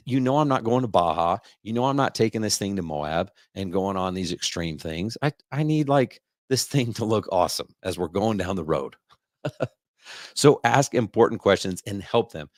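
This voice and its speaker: A man hosting a podcast, delivering an energetic, repetitive sales rant in a coaching tone. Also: on the low side, moderate pace, no room sound, studio quality. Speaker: podcast host.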